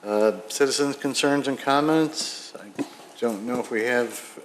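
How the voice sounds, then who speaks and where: A man chairing a village plan commission meeting, brisk and procedural. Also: medium pitch, slight background noise. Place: village council chamber.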